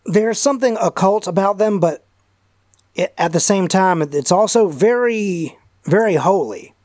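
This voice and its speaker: A man's voice: on the high side, darkish tone, no echo, clean studio sound. A man voicing an earnest male doctor who leads an occult investigation, speaking in a put-on accent and often restarting his sentences. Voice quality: halting, restarts mid-sentence.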